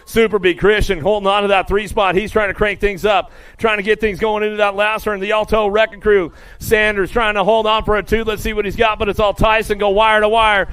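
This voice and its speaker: A man announcing live BMX races, rattling off rider names with bursts of excitement. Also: sits high, clean tone. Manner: rapid-fire calling of rider names, excitable. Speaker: race announcer. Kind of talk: live BMX race commentary.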